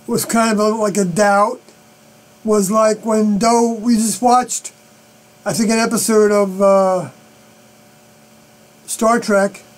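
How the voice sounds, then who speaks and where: Halting high-voiced man streaming alone. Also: steady tone, poor audio. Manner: halting, many fillers and unfinished sentences. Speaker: live stream host. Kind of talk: rambling solo live stream monologue. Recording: mains hum behind the voice.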